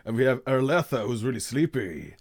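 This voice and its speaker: A man narrating as game master, talking slowly with many halting restarts and laughs. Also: medium pitch, sing-song. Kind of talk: narrating a tabletop game over voice chat.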